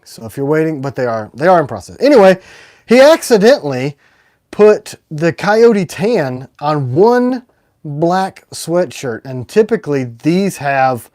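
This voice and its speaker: Man, rambling livestream chat, fairly high voice, dry close sound, jumps from loud to soft. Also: normal speed, no room sound. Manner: rambling, excitable, swings loud and quiet. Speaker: knife maker hosting a livestream.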